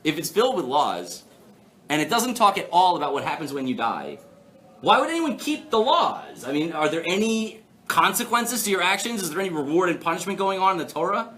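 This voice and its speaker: A man delivering an informal lecture to a live audience, his pitch rising and falling in a very animated way. He jokes often and keeps throwing questions to the room. Faint noise sits under the voice. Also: fairly quick. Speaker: rabbi teaching a weekly class. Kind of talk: lively informal Torah lecture. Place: class before a live audience.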